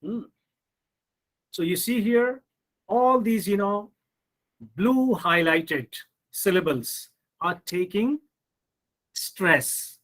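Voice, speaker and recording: Slow, high-voiced male teacher. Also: expressive, a bit bright, rough recording. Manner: slow, repetitive drilling with frequent "hmm" and "you see". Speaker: English pronunciation teacher. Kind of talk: online lecture on word stress.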